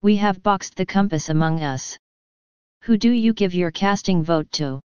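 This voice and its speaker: A woman's voice: fairly low pitch, moderate pace, a little mellow, clean tone, no room sound, dull audio, close to an everyday voice. A woman voicing a confident, jovial male police inspector in an audiobook. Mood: brisk.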